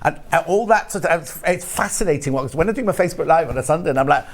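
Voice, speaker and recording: A man's voice: fairly high pitch, lively intonation, fast. A man presenting on a shopping channel, jokey and urgent, repeating prices and stock counts. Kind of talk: live sales presenting. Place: television studio.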